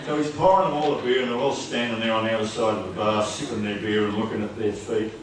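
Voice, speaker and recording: An Australian man, a folk singer and storyteller, telling a droll, quick family yarn to a live workshop audience. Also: fairly low pitch, fairly even intonation, heavy reverb, distant mic, noisy background. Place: festival workshop room with audience.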